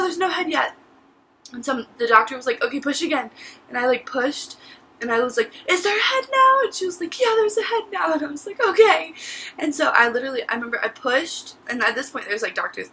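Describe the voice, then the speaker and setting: A woman's voice: fairly high pitch, sharp tone, a little hiss or hum, poor audio. A teenage woman telling her story to camera in a casual vlog, chatty and full of "like" and "literally.". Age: teens. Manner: chatty, says "like" and "literally" a lot. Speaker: vlogger.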